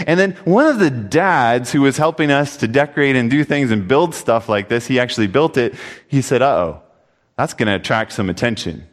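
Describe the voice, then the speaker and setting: A man preaching a sermon, telling a story earnestly and reading scripture aloud. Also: on the high side. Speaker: pastor. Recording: long hall reverb.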